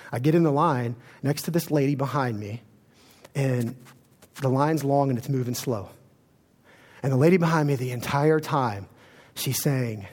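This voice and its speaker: A man's voice: on the high side, big-room sound. A man preaching a sermon as pastor in a church, earnest and storytelling.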